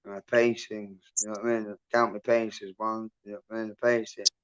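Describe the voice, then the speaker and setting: A man's voice: lowish voice, level tone, a little fast, a bit bright, clear, resonant tone, lo-fi sound. A man hosting a livestream, telling a rambling story in casual chat, swearing constantly and laughing as he goes. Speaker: livestream host.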